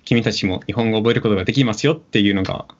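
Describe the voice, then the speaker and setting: A man's voice: lowish voice, racing. A man speaking as a YouTuber guest in a casual interview, hesitant and full of fillers, on a dull lo-fi recording. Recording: dull lo-fi audio.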